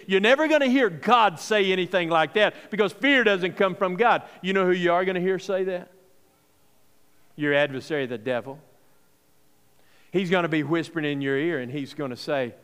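High-voiced preacher in a reverberant hall. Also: male voice, moderate pace, a bit bright, clear, resonant tone. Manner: conversational preaching with rhetorical questions. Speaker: pastor. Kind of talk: sermon.

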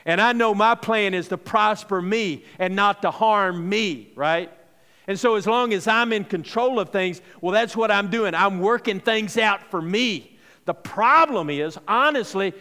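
A male pastor delivers a sermon in an easy, conversational manner and keeps checking in with his listeners through rhetorical questions. His voice sits high for a man. The sound rings with the long reverb of a large hall. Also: pushed and bright.

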